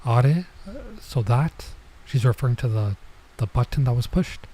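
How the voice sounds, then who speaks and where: A man's voice: mid-range voice, a little slow, hardly any pauses, dark tone, breathy edge. A man running a casual Japanese lesson, reading manga lines aloud and translating them with lots of filler words. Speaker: vtuber teaching Japanese.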